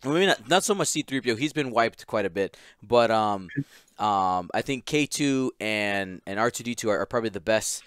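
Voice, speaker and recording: Smooth-voiced man chatting on a podcast. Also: on the low side, expressive, moderate pace, a bit bright, dry recording, studio quality. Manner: giggly, rambling with many restarts. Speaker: podcast host. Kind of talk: casual podcast chat.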